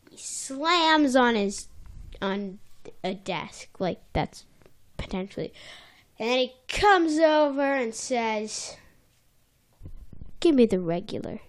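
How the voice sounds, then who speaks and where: A woman's voice: fairly high pitch, lively intonation, takes it slowly. A woman co-hosting a casual podcast from a small office, recapping an episode and playfully acting out characters. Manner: playful, acts out characters in bursts. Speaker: podcast co-host.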